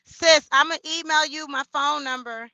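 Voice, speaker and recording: A woman's voice: high voice, moderate pace, no echo, low-quality recording. A woman hosting her own livestream, talking loosely and expressively with slangy asides to her viewers. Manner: loud, expressive, slangy, talks straight to viewers. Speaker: livestream host. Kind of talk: casual livestream chat reading comments.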